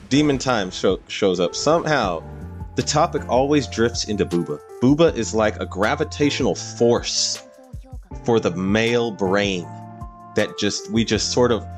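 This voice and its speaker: A man streaming a game live, chatting casually in a rambling storytelling way and often laughing. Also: medium pitch.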